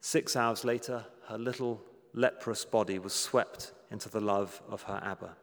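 A man preaching a sermon and telling a story in an earnest way, going slow and hushed at the tender parts. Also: lowish voice, fairly even intonation, gravelly, in a large hall.

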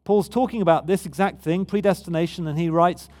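High-voiced man preaching a sermon. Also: steady tone, a little fast, a little mellow. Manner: conversational, emphatic, with frequent restarts.

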